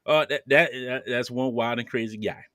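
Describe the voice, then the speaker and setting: A man's voice: medium pitch, normal speed, sharp tone, dry recording, clean studio sound. A man hosting a podcast, casually reading viewer comments aloud with playful banter and frequent laughter. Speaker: podcast host.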